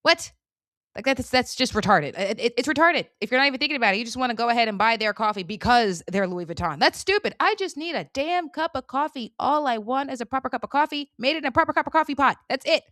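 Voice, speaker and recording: Fast-talking animated woman host. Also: sits high, no echo, studio quality. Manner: animated, emphatic, colloquial. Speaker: channel host. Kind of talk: casual commentary monologue.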